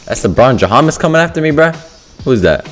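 A man giving animated gameplay commentary over voice chat, swinging between mumbled asides and loud yelling. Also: medium pitch, quick pace, soft background music. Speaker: gaming YouTuber.

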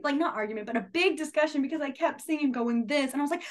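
A young woman with a fairly high voice runs a beginners' sign language class in a casual, chatty way. She leans on fillers and tells animated stories from her teaching. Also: fast, hardly any pauses.

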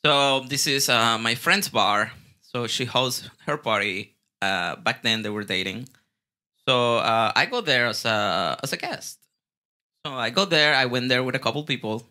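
A man with a Mexican Spanish accent tells stories in a loose, casual way, often restarting his sentences. His voice is very bright and forceful, and he sits at a middling pitch for a man. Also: unhurried. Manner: animated, restarts and repeats words, swears casually. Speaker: guest bartender. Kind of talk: casual storytelling.

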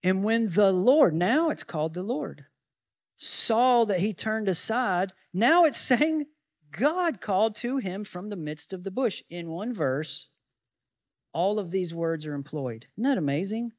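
Man, pastor, high-pitched, preaching, asks rhetorical questions, dry recording. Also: a little slow, no room sound. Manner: animated Bible teaching with rhetorical questions. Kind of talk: sermon.

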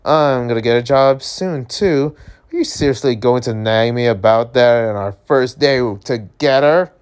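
A man voicing a calm, matter-of-fact young husband in a webtoon. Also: medium pitch, measured pace, smooth, lightly acted. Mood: teasing. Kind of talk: reading a webtoon aloud.

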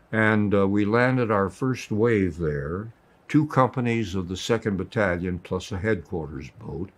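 An older man, a war veteran, recounting events to an interviewer in a slow, measured way. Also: lowish voice. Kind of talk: interview recollection.

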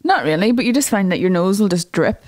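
Lively, blunt woman co-host. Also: medium pitch, quick pace, no room sound, studio quality. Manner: blunt, teasing, laughs often. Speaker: podcast co-host. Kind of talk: casual comedy banter.

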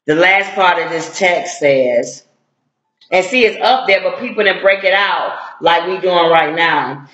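A middle-aged woman, speaking as a civil rights activist, delivers impassioned video commentary in a forceful, sharp, medium-pitched voice. She is blunt and confrontational with slangy street talk, and the dull lo-fi recording rings with room echo.

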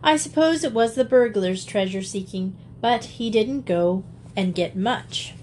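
A woman's voice: medium pitch, unhurried, darkish tone, slight background noise. Woman reading a storybook aloud. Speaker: audiobook reader. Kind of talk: storybook narration.

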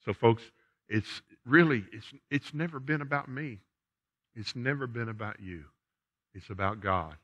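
In a church sanctuary, a pastor preaches emphatically to his congregation, repeating key phrases, captured in a dull lo-fi recording. His voice is medium-pitched, unhurried and fairly bright.

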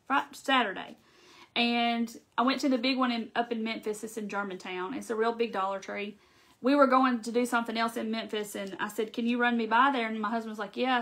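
A woman's voice: on the high side, sharp tone. A woman with a Southern American accent hosting a live craft tutorial, chatting in a folksy way straight to her viewers.

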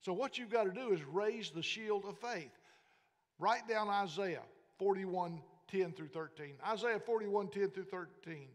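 A man's voice: high-pitched, measured pace, big-room sound. A man preaching a sermon as pastor, telling stories and reading scripture aloud. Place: church sanctuary.

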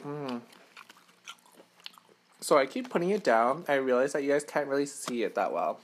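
Guy doing a mukbang, rambly, keeps correcting himself, mid-pitch voice. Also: lively intonation, moderate pace, a little hiss or hum. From Western Canada. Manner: chatty, rambling, self-correcting, laughing between bites. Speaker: mukbang host. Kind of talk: casual eating-show chat. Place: hotel room. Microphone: camera mic.

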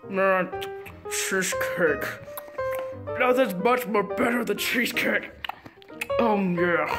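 A woman acts out an improvised toy skit in an excitable rush. She stumbles and repeats words, and her voice sits fairly high and swings widely in pitch. Music plays clearly behind her. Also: a little slow. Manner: excitable, stammering with many repeats. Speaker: fan video puppeteer voicing characters.

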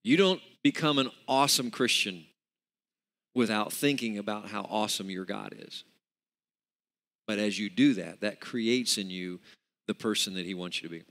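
A man's voice: on the low side, moderate pace, long pauses, a bit bright. A man preaching a sermon with emphatic, repetitive delivery, calling on the congregation to repeat words back. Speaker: pastor. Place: church sanctuary. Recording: long reverb of a large hall.

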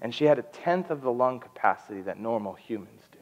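Emotional young preacher in a reverberant hall. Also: male voice, medium pitch, brisk. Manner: emotional, animated storytelling. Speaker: guest preacher. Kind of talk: storytelling sermon. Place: church sanctuary. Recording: dull lo-fi sound with long hall reverb.

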